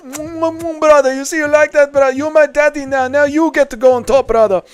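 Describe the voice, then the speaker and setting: A man doing a high-pitched impression of a fawning, playful male fighter. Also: fairly even intonation, moderate pace. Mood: teasing. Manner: high mocking put-on voice.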